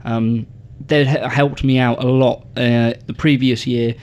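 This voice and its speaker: A man's voice: mid-range voice, little pitch movement, a little mellow, clean tone, highs cut off. Chatty male podcast host. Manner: chatty, halting with many ums and uhs. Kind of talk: casual radio chat.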